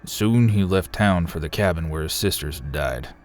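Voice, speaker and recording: An actor playing a grim, tight-lipped male park ranger who speaks in a low, serious, quietly ominous way in a horror story. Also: normal speed, faint music behind, lightly acted.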